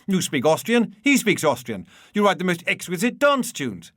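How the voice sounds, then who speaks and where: A man reading a memoir aloud and voicing an effusive, pushy bogus Viennese gentleman. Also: wildly swooping pitch, normal speed, no echo, clean studio sound, exaggerated voice. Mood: insistent. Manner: gushing, insistent, higher pitched. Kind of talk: audiobook reading.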